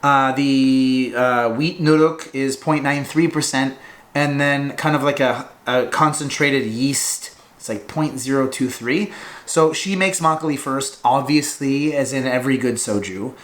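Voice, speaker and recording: A man's voice: medium pitch, unhurried, a bit bright. A man talking casually and informally in a vlog, swearing now and then while he tells a story and reviews a drink. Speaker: vlogger reviewing Korean alcohol.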